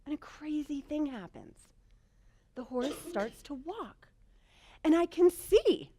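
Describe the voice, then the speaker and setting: A woman telling a personal story in a talk, animated and self-mocking, swinging between hushed lines and loud bursts. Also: high-pitched, slow pace, a little hiss or hum. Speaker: speaker.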